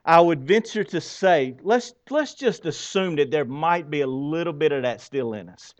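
A man preaching a sermon, animated, asking his listeners rhetorical questions and reading scripture aloud with dramatic pauses. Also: a little high. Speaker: pastor.

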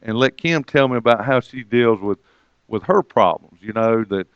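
A man's voice: mid-range voice, lively intonation, normal speed, clean tone, dry recording, highs cut off. A man preaching, retelling a conversation and quoting the other person with a lifted voice. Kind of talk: sermon storytelling.

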